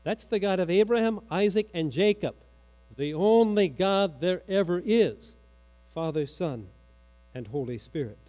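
A man's voice: high-pitched, animated, measured pace, mellow. A man preaching a sermon, asking questions and quoting from the catechism, his voice dropping for emphasis. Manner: teaching with questions, quoting catechism aloud, dramatic drops. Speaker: pastor.

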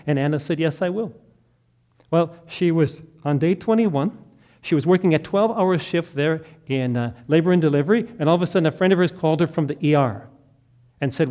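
A middle-aged man preaching a sermon, telling a story that swells to loud, impassioned peaks and sinks back to soft, quiet prayer. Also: on the high side, fairly quick. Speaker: pastor.

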